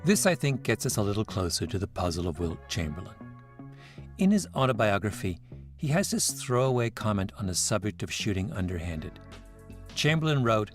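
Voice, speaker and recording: Low-voiced man narrating a podcast. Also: very animated, faint music behind. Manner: measured, reflective storytelling. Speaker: podcast host. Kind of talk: scripted narration.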